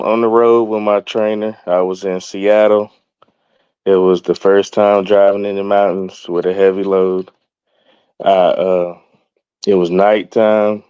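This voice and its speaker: A man's voice: on the low side, mellow, smooth, no room sound. A young man telling a personal story as a guest, laughing as he goes and acting out the quoted dialogue. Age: young adult. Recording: dull, dry, lo-fi sound.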